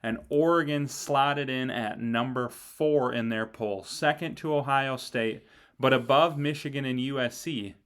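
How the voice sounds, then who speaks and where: A man co-hosts a casual sports talk show, with a smooth, clear voice at a medium pitch. He talks in a relaxed, conversational way and uses "like" often. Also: measured pace. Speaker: sports podcast co-host.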